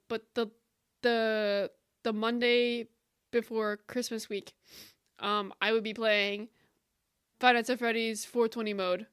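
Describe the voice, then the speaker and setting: A woman's voice: fairly high pitch, fairly bright tone, smooth. A woman streamer chatting casually with her viewers on a live stream, giggly and emotional, often breaking into laughter. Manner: emotional and effusive.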